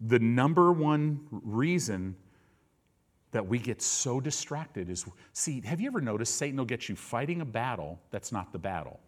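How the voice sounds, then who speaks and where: A male preacher delivering a sermon who swings between low, intense passages and loud, high-pitched bursts, often repeating words for emphasis.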